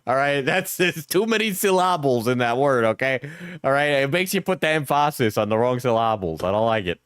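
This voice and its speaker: A man's voice: medium pitch, very animated, a little fast, a bit bright, clear, resonant tone, dry recording, studio quality. A man with an Australian accent doing reaction commentary, joking and laughing between remarks. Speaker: commentary streamer.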